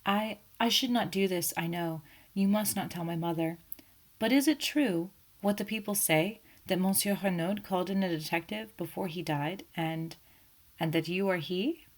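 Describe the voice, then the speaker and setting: A woman's voice: lowish voice, moderate pace, close to an everyday voice. A woman voicing an anxious, shy young French woman who speaks breathlessly and hesitantly in an audiobook. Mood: anxious, pleading. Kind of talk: audiobook character voice.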